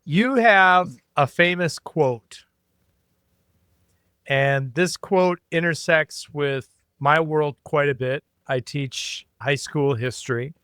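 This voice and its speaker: A man co-hosts a podcast and puts his questions eagerly and enthusiastically. His voice is bright and smooth and sits fairly high for a man. The recording is dry and close. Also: slow pace, no room sound. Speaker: podcast co-host, history teacher. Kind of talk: casual podcast conversation.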